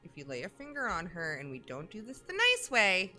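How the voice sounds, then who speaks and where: A woman's voice: medium pitch, wildly swooping pitch, fairly quick, music in the background. A woman playing a tabletop game, exasperated and often laughing as she speaks. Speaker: player. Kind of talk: tabletop role-play.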